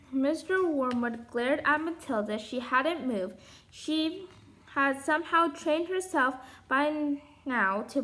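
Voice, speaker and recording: A woman reads a children's novel aloud in a high voice. She takes it slowly and carefully, often stumbling and restarting words. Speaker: storybook reader.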